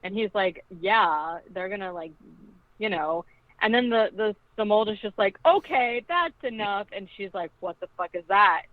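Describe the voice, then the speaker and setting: A woman's voice: medium pitch, fairly even intonation, normal speed, no room sound. A woman casually recapping a film as a podcast co-host, chatty and full of "like", acting out the quoted lines. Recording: tinny phone-like line, dry.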